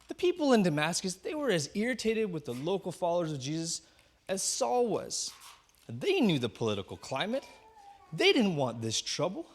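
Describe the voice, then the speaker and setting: A man, a pastor, retelling a story in a sermon with animated delivery, acting out the voices. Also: high voice, normal speed.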